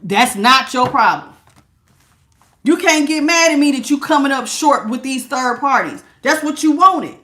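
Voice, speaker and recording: A woman's voice: sits high, animated, a little slow, bright, forceful tone, slight background noise. A woman giving a casual tarot reading, talking in a sassy, emphatic way with lots of slang. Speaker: tarot reader.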